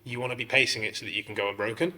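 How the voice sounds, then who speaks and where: A man co-hosting a fitness podcast, talking casually and rambling with lots of "like", getting animated when he tells stories. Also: fairly low pitch, rapid-fire. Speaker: podcast co-host. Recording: long hall reverb.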